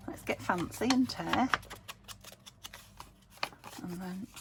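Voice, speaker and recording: Middle-aged woman, low gravelly voice, half-whispered chat at a craft desk, noisy home recording. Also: slow. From United Kingdom. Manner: chatty, muttering to herself, often dropping to a whisper. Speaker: craft vlogger.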